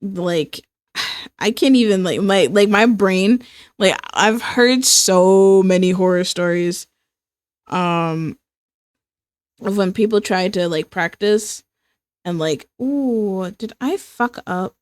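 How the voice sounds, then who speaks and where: Young female streamer, casual drawing chat, slow filler-heavy delivery, dry mic. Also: medium pitch, dry recording. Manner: rambling, filler-heavy, breaks into laughter. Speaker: streamer and illustrator.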